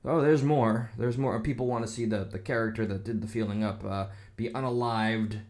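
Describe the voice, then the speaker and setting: A man's voice: on the low side, steady tone, normal speed, darkish tone. Rambling sarcastic man ranting to camera. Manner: rambling, sarcastic, reads comments aloud with mocking voices. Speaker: video commentator. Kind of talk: casual reaction rant.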